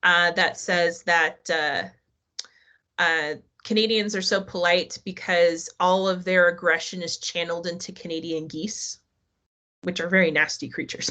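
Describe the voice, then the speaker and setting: A woman's voice: on the low side, steady tone, moderate pace, pushed and bright. Woman teacher chatting through a lecture. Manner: conversational, asks the class questions. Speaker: history teacher. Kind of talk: live online class lecture.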